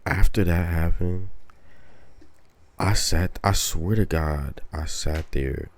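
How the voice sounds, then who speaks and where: A man's voice: low voice, slow, dry recording. A young man telling stories in casual podcast chat, slangy and profane, often quoting himself. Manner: slangy, profane storytelling with quoted asides. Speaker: podcast co-host.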